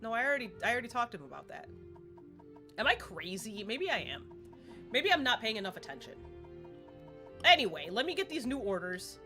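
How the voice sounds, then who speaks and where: A woman's voice: fairly high pitch, very animated, a little fast, pauses often, bright, forceful tone, faint music behind. A woman chatting casually while streaming a game, rambling and laughing often. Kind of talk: casual live-stream gaming chat.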